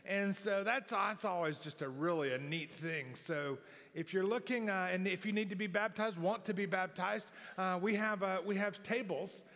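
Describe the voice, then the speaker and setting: This middle-aged pastor speaks at a moderate pace in a high, somewhat bright voice. He rambles through his sermon in a folksy way, often starting over, and the church sanctuary adds a long hall reverb.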